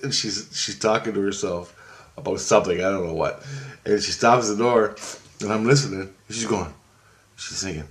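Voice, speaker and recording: A man with a fairly low voice rambles through a personal story about a dream he just had. He has only just woken and keeps clearing his throat. His delivery is halting and loose, full of restarts and filler words. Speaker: video blogger recounting a dream.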